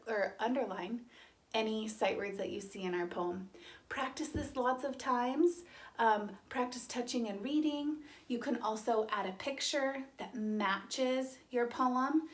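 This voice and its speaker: A young woman teaching an online kindergarten lesson, cheerful and sounding out words slowly and clearly. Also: a little high, echoey room.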